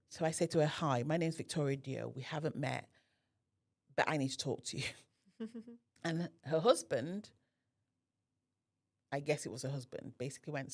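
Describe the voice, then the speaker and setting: A woman's voice: sits low, vocal fry. A woman, a podcast guest, telling a personal story in conversation and acting out the other people's voices. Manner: animated, acts out the voices of others in her story.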